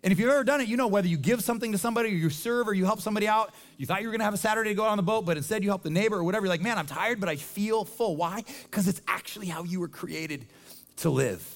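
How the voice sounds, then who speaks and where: High-ish male pastor preaching, chatty and animated, lots of restarts. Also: rapid-fire. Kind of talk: sermon.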